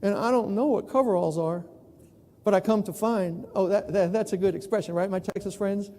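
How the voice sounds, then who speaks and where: Self-mocking keynote storyteller from New York, man, high voice, big hall reverb. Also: brisk, mellow. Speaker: plenary speaker. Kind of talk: storytelling conference talk. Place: large conference hall. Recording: long reverb in a large hall.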